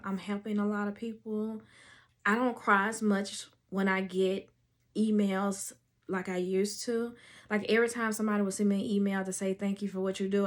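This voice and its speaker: Woman, podcast host, unhurried delivery, emotional, casual storytelling, middle-pitched voice. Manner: emotional, slow and drawn out.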